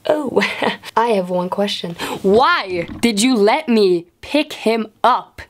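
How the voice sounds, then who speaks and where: A young adult woman telling an animated, sarcastic storytime vlog with lots of swearing. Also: medium pitch, slow. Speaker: vlogger.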